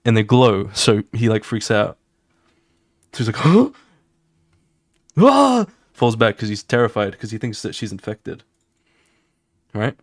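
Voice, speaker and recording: Animated male streamer with a dry mic. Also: on the low side, no echo. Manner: animated, fast, swearing, sound effects. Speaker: artist streaming his drawing. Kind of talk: casual walkthrough of his comic pages.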